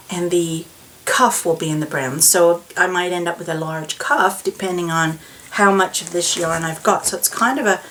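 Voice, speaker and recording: A woman's voice: fairly low pitch, a little hiss or hum, low-quality recording. A woman chatting casually as a knitting vlogger, rambling with many fillers and asides. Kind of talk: casual chat to camera.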